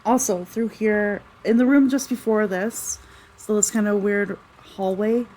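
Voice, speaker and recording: A woman's voice: mid-range voice, fairly even intonation, a little slow, warm tone, slight background noise, poor audio. A woman narrating as game master of a tabletop game, chatty and rambling with lots of fillers. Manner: chatty, rambling, with many fillers and self-corrections.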